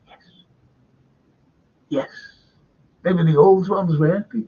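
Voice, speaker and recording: A man's voice: high-pitched, very animated, moderate pace, pauses often, warm tone, slightly rough, dull audio. A man with a Scouse accent hosting a live stream, chatting in a meandering way and reading out viewer comments. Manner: meandering, chatty, self-interrupting.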